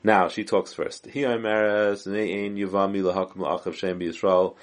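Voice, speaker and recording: A man's voice: low-pitched, steady tone, moderate pace. A man giving a Talmud lesson, reading the text line by line and explaining it in English with frequent restarts. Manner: reads Aramaic text then explains in English. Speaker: Talmud teacher.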